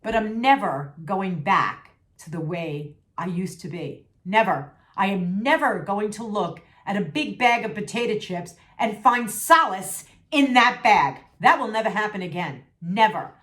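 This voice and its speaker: A middle-aged woman vents to her followers in a casual vlog, sassy and emphatic, repeating herself to drive each point home. Her voice sits at a middle pitch and sounds a bit worn, as if she is losing it. The room around her is noticeably echoey. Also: lively intonation, measured pace, hardly any pauses, a bit bright. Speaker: vlogger. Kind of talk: candid venting vlog.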